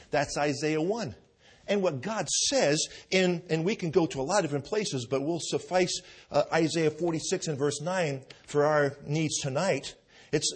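A man's voice: a little high, normal speed, slightly rough. A middle-aged man preaching a sermon, telling stories and often asking the congregation for an "amen". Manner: storytelling with asides of "amen".

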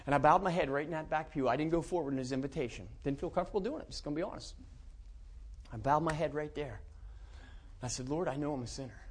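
High-voiced man telling his testimony. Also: fast talker, slightly rough. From central Pennsylvania. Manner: folksy storytelling, warm chuckles, many restarts. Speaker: preacher giving testimony. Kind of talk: personal testimony in a church.

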